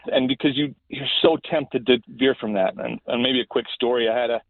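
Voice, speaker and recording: A man's voice: mid-range voice, fairly even intonation, fairly quick, no echo. A middle-aged man, a school principal, telling a story in a casual podcast interview, earnest and often restarting his phrases. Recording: thin phone-like line.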